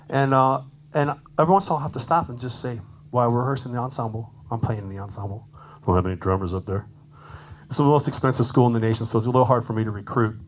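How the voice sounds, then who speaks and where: A man giving a lively, chatty clinic talk to a conference audience as a jazz drummer, laughing often and acting out quoted voices. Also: medium pitch, rough recording.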